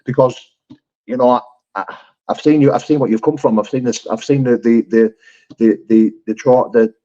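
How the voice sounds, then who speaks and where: A man's voice: mid-range voice, fairly even intonation, normal speed, mellow, muffled recording. A man hosting a live chat, talking in a heartfelt, sweary, rambling way with many restarts. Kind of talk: casual live-stream chat.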